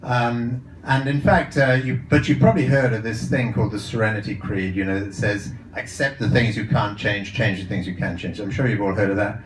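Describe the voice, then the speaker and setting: A man with a fairly low voice speaks to a live audience about his ideas as a coach, telling stories in a chatty, rambling way full of uhs and restarts. His voice carries a roomy echo, heard from some distance off the mic, with faint noise behind. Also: fairly quick, hardly any pauses. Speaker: psychologist and coach giving a talk. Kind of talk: live talk to an audience with anecdotes. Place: event room with a live audience. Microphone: handheld or lapel mic.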